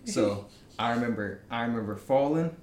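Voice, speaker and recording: A young man telling a story in a casual podcast chat, animated and quick with asides. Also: mid-range voice. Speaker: podcast guest. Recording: roomy room with faint noise.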